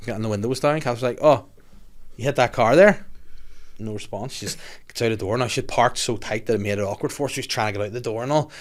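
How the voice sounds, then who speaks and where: A Northern Irish man hosting a podcast, telling stories in animated, sweary casual chat. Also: medium pitch, fast. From Northern Ireland. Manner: animated storytelling, heavy swearing. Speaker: podcast host.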